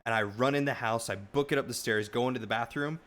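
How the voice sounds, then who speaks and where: With a mid-range voice and a fast delivery, a man streaming live rambles through a long story for his chat, animated and casual, restarting again and again.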